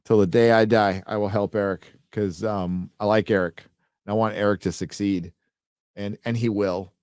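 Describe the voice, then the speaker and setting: A man's voice: lowish voice, steady tone, normal speed, a little mellow, clean tone, no room sound, clean studio sound. A man hosting a casual livestream, rambling loosely and swearing as he reads out viewer donations. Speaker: livestream host.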